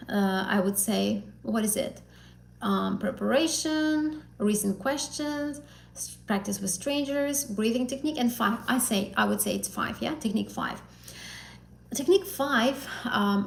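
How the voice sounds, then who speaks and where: A woman's voice: a little high, gravelly, reverberant, a little hiss or hum, poor audio. A woman teaching an exam prep lesson on a live stream, talking casually and encouragingly with fillers and self-corrections. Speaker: IELTS teacher.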